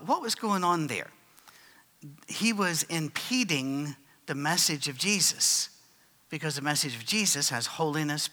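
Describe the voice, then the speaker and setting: A man's voice: on the high side, pushed and bright, in a large hall. A man preaching and answering written questions from the audience, in a conversational storytelling way with fillers and restarts.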